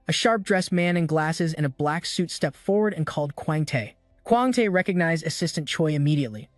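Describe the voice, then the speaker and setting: A man narrating a story recap in a steady, even storytelling manner. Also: a little high, a little fast, no room sound. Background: faint music.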